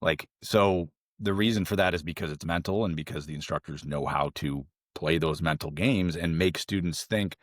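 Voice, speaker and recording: Speaking at a moderate pace with hardly any pauses, a former SEAL trainee guesting on a podcast recounts stories in a low voice during a casual interview. He rambles animatedly, restarting often and using many fillers, and shifts into a high voice to quote people, all in clean studio sound without room noise.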